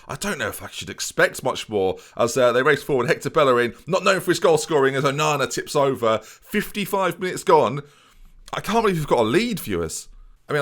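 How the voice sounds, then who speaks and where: A young man commentating on his own football management game, excitable and talking to his viewers. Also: medium pitch. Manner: excitable, mock-commentator, addresses viewers constantly. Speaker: gaming YouTuber.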